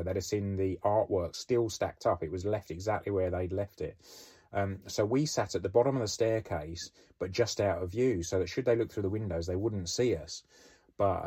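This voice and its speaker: A middle-aged British former police officer recounting a case in a rambling, conversational way with many fillers. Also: male voice, low voice, dark tone, breathy edge. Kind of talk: storytelling podcast.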